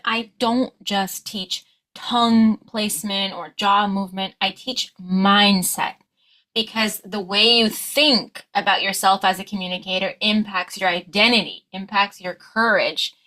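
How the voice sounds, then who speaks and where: An American woman giving a pronunciation lesson as a coach, slowing down to model each sound. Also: medium pitch, pushed and bright. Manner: slow drawn-out modelling of sounds. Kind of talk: scripted pronunciation lesson to camera.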